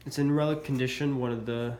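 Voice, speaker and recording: A man's voice: mid-range voice, steady tone, fairly quick, darkish tone. A man with a stuffy voice from a cold, casually showing military collectibles in a hesitant, filler-laden way. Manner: casual, hesitant, many uhs. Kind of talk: casual show-and-tell vlog. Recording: echoey room, faint background noise.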